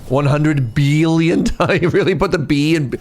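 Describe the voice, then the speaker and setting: A man's voice: fairly high pitch, measured pace, darkish tone. A man streaming a game, chatting and joking playfully with his viewers while thinking aloud. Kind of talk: casual gameplay chat with viewers.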